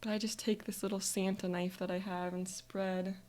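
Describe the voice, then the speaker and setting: A woman's voice: mid-range voice, little pitch movement, moderate pace, a little mellow. Upbeat woman leading a guided visualization. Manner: upbeat, storytelling in present tense. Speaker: coach.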